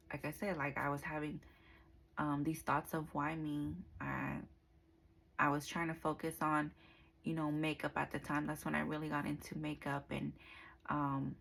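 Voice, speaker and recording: Low gravelly woman telling her testimony. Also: a bit bright, poor audio. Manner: conversational, with frequent fillers and quoted dialogue. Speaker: speaker giving a personal testimony. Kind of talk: casual spoken testimony.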